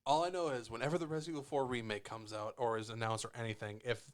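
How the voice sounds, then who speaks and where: Young male co-host, excitable and giggly, middle pitch, casual storyteller. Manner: excitable, laughs often, storytelling with quick asides. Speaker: podcast co-host. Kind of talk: casual gaming podcast chat.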